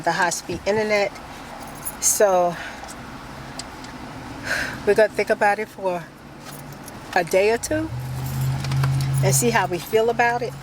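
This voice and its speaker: Relaxed, low-voiced woman chatting to camera. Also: background noise. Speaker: vlogger. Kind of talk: casual vlog chat.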